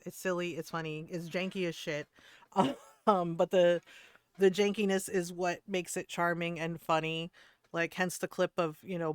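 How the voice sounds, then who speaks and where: A woman's voice: lowish voice, fairly bright tone, smooth, dry recording, studio quality. A middle-aged woman streaming a game, chatting casually in a blunt, profane way and laughing often. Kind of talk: casual chat while gaming.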